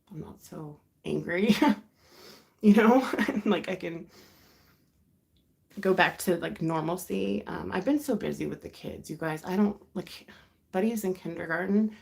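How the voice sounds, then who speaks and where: Low, gravelly woman chatting confidingly. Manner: rambling, confiding, with sighs and soft laughs. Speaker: livestream host. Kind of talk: casual chat.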